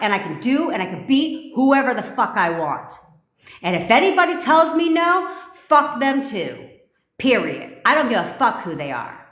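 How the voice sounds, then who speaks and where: A woman's voice: a little high, fairly bright tone. Blunt, profane woman coach ranting. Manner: repeats commands for emphasis. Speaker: manifestation coach. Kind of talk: livestream pep talk. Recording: echoey room.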